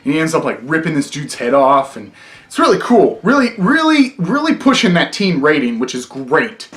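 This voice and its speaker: A man's voice: a little high, very animated, moderate pace, a bit bright. A young man reviewing a film in a casual vlog, rambling with lots of fillers and frequent swearing. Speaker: movie reviewer.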